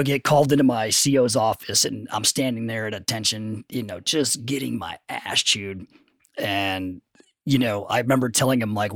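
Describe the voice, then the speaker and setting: A man with a middle-pitched voice tells blunt, profanity-laced stories, acting out other people's lines as he goes. The sound is dry and close, with no room around it. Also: no echo. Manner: profane, animated storytelling with quoted dialogue. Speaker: podcast guest, former Navy SEAL. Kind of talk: casual storytelling.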